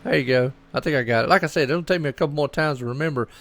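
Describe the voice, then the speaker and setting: A man's voice: a little high, racing, gravelly, a bit bright, no echo, soft background music. A man commentating a live sim race on his own, chatty and rambling, repeating his words in a folksy, upbeat way.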